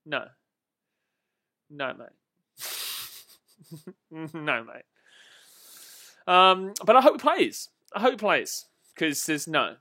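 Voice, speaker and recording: A young Australian man hosting a live football stream, commenting on the match and answering viewers in a blunt, excitable way. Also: on the high side, slow, pauses often, no echo, studio quality.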